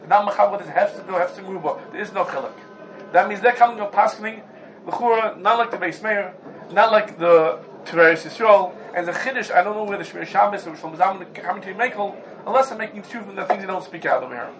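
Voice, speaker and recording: Male Torah teacher, high pitch, animated lecture with rhetorical questions, faint room hiss. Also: fast, low-quality recording. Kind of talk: Talmudic lecture.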